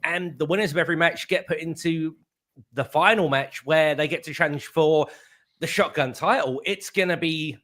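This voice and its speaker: An upbeat man hosts a casual preview chat over a video call. His voice is bright and forceful, and it sits a little high. He talks in a chatty, easygoing way. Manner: upbeat, chatty, quick to laugh. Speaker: host.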